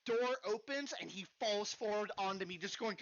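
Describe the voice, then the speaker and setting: A podcast host telling a story in casual chat, acting out the voices and swearing freely. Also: mid-range voice. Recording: dull lo-fi podcast recording.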